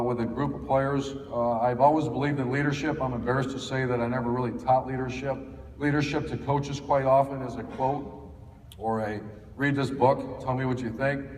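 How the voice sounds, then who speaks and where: A man's voice: mid-range voice, darkish tone, distant mic, slight background noise. A middle-aged man from Ohio, a football coach telling folksy stories to a clinic audience, with lots of fillers and restarts. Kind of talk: storytelling talk to an audience. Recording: echoey hall, faint ambience.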